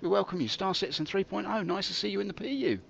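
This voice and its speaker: Gravelly man spinning tall tales. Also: steady tone, racing, lo-fi sound. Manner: theatrical, jokey storytelling with big pitch swings. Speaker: game streamer. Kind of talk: rambling live-stream commentary.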